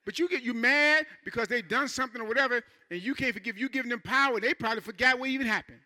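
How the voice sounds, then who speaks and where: A male pastor preaching a sermon in church, talking to the congregation in an informal, conversational way and acting out church members in quick asides. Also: extremely high pitch, bright, forceful tone.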